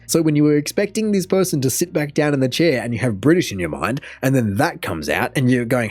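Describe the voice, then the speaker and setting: An Australian man in a casual reaction commentary, talking his thoughts through as he goes with a lively, rising and falling pitch. His delivery is chatty and loose, with faint music under his voice. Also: fast talker, few pauses. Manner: chatty, musing, thinks aloud. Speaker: reaction video host.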